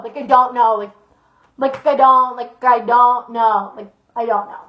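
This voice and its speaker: High-voiced young woman telling a dramatic story. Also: steady tone, measured pace, a bit bright. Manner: dramatic, profane, filler-heavy storytelling. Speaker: YouTuber. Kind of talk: storytime vlog. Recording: echoey lo-fi room sound.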